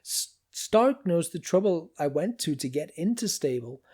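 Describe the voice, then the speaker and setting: A man's voice: on the high side, very animated, measured pace, mellow, pitched above the performer's own voice. A man voicing a weary, earnest male worker who halts while he confesses.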